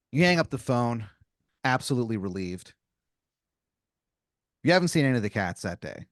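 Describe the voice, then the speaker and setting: A man's voice: medium pitch, big pitch swings, measured pace, long pauses, no room sound. A man hosting a comedy podcast, improvising a story with a playful, rambling, filler-heavy delivery on a close mic.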